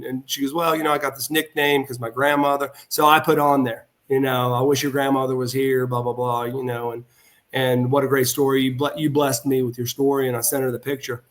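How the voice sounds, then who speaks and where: Here the ex-wrestler speaks fairly quickly, his voice sitting in the middle range. It's casual podcast-interview storytelling: a long, sincere anecdote that keeps restarting, with retold conversations delivered in an animated way.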